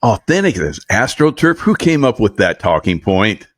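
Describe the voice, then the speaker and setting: A man's voice: on the low side, sing-song, moderate pace, no echo. Sarcastic man with a dry close sound. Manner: sarcastic, laughing, mocking asides. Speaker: commentary show host. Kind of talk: casual political commentary.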